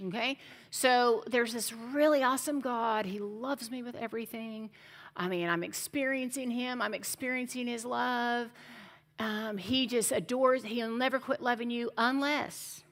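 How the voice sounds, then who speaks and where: A middle-aged woman preaches with a high, bright voice that rides above the room. She talks straight to her listeners in an emphatic, conversational way, pressing each point home, with an edge to her tone. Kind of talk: sermon.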